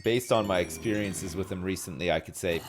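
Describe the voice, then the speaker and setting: A man streaming a game live, chatting casually with viewers, joking, swearing and telling stories with animated energy. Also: low voice, a little fast, music in the background. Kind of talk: casual live-stream chat while gaming.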